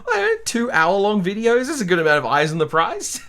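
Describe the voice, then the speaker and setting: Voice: mid-range voice, huge pitch swings, normal speed, fairly bright tone. Playful, theatrical game host. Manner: playful, theatrical, laughing often. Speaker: game player and channel host. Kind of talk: tabletop role-play game chat.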